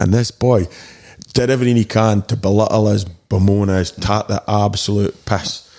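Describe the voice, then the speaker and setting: A man's voice: lowish voice, flat delivery, normal speed, gravelly, a little mellow. A man in his forties with a Scottish accent, a DJ and army reservist telling blunt, sweary, rambling stories in a casual chat. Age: 40s. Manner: blunt, sweary, rambling anecdotes with frequent restarts.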